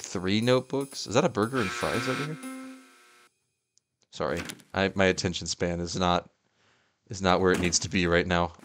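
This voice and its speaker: Excitable young man with a low voice. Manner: excitable, yelps and laughs at the game. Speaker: gaming YouTuber. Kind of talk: casual gameplay commentary.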